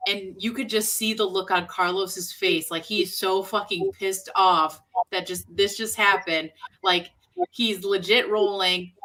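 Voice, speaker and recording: A woman's voice: medium pitch, pushed and bright. A woman co-hosting a talk show, telling a set story in a chatty, giggly way full of ums and likes. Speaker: co-host and indie horror actress. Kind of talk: casual storytelling chat.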